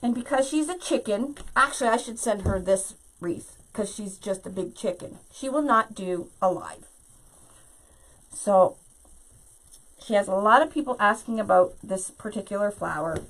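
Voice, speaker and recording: A woman's voice: medium pitch, moderate pace, low-quality recording. A woman hosting a live craft tutorial, chatting to her viewers directly and laughing often.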